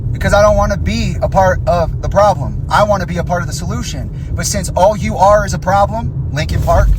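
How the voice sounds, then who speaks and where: A man's voice: high voice, background noise. Young man ranting angrily outdoors. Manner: confrontational, profane, accusing. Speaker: vlogger. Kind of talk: angry direct-to-camera rant.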